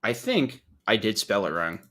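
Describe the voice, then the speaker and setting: A man's voice: on the low side, huge pitch swings, moderate pace, pushed and bright. A man hosting a podcast in casual chat, joking and swearing freely while mocking himself. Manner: joking, profane, self-mocking. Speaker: podcast host.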